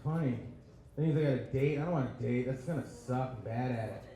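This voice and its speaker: A man's voice: mid-range voice, a little fast, dark tone. A man doing a crude, self-deprecating stand-up set on a club stage into a handheld mic, riffing with the crowd. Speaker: stand-up comedian. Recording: echoey club with audience. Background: audience laughter.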